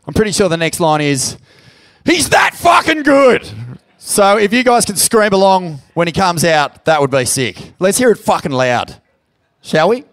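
Australian male live podcast host, fairly high voice, swears a lot, gets loud on the hype. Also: expressive, normal speed. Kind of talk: live podcast hosting on stage. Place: pub venue with live audience.

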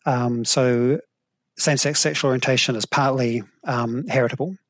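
A middle-aged man with a New Zealand accent, a professor calmly explaining evolutionary ideas in an interview, thoughtful and measured. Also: mid-range voice, no echo. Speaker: guest, evolutionary psychology professor.

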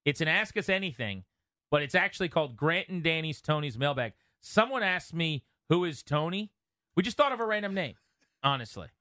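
Radio co-host, male, bright and crisp, dry studio sound, upbeat banter. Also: on the high side, animated, no echo. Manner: upbeat, quick banter, reads callers in. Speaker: radio sports show co-host. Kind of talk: casual radio chat. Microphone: studio microphone.

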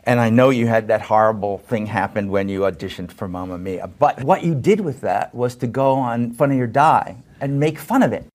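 A man interviewing a guest in a warm, supportive way. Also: mid-range voice, normal speed, few pauses. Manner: encouraging, supportive. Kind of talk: interview questions.

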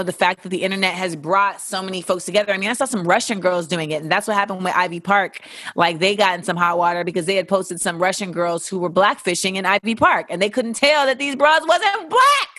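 A woman's voice: medium pitch, fairly bright tone, no echo, studio quality. A young adult woman hosting, answering listener questions in a frank, casual, profane way, acting out the voices she quotes. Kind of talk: casual candid commentary.

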